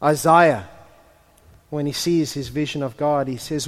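A man delivers a sermon in a church hall, his voice pitched high for a man. He swings between impassioned, near-shouted passages and quiet, hushed ones. A long reverb trails each phrase. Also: measured pace. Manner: builds to impassioned, near-shouted peaks, then drops to hushed tones. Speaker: pastor.

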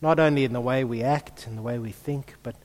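A man's voice: mid-range voice, a little fast. Man preaching in an echoing hall. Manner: hushed in prayer, then lively and emphatic preaching. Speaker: pastor. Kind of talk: prayer and sermon. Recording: long reverb of a large hall.

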